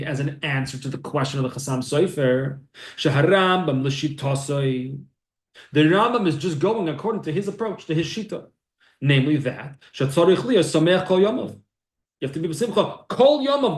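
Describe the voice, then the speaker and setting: A man teaching a Torah class from texts, his voice a touch high and climbing sharply when he stresses a point. He poses questions and then answers them himself. The sound carries a noticeable echo from the room. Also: a little mellow. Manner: explains sources aloud, rises in pitch for emphasis, asks and answers his own questions. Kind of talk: text-based Torah class. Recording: echoey room.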